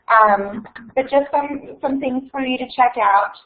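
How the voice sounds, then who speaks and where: A young woman hosting an online reading event and reading a story aloud, chatty and unhurried, with plenty of fillers. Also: high voice. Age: young adult. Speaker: event host and reader. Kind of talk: casual hosting and book reading. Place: at home on a video call. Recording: echoey tinny online call audio.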